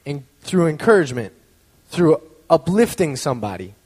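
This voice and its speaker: A man's voice: fairly high pitch, very animated, normal speed, a little mellow, slightly rough. Man telling a story in a reverberant hall. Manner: conversational, lots of fillers; acts out quoted voices. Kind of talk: personal storytelling talk.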